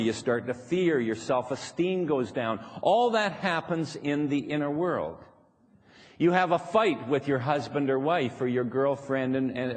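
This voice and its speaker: A man giving a playful live workshop talk to an audience, laughing now and then and acting out little voices as he speaks. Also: on the high side. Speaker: seminar speaker. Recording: live hall recording with reverb.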